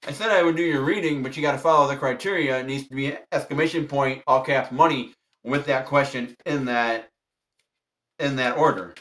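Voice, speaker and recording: A man's voice: medium pitch, fairly quick, a bit bright. A man hosting a tarot livestream, chatting casually with viewers and repeating firm, polite instructions to his chat. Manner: polite but strict.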